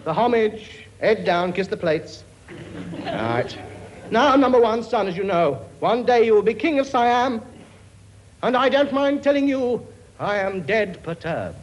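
A man's voice: high-pitched, very animated, a little slow, background noise. A brash, bossy king. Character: blustering cockney-style king, bossy father of many. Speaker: comic actor playing a king. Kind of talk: studio sketch comedy before an audience.

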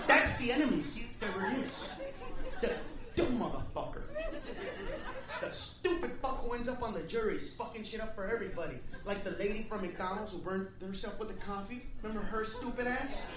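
A very high-pitched man doing a profane, aggressive stand-up set, ranting and snapping into quick acted-out voices of the people he mocks. The sound is echoey and a bit distant from the mic, in a room full of loud, constant audience laughter. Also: animated, a loud crowd, heavy background noise. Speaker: stand-up comedian. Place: comedy club stage before a laughing crowd. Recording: echoey live room, mic heard from far.

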